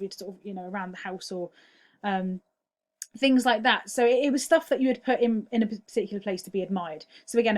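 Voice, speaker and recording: A young woman teaching a recorded online lesson, patient and explanatory, often checking "all right?" with many ums. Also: mid-range voice.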